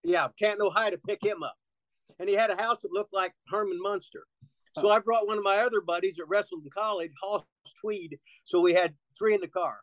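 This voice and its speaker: A man's voice: high-pitched, fairly even intonation, fairly quick, no room sound, poor audio. A man telling rambling, profane stories as a guest in a casual interview, laughing often.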